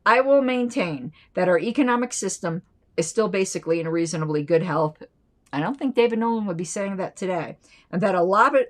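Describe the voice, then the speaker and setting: A woman hosting a political commentary channel, reading an old newsletter aloud and breaking off into chatty, playful side remarks. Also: fairly low pitch.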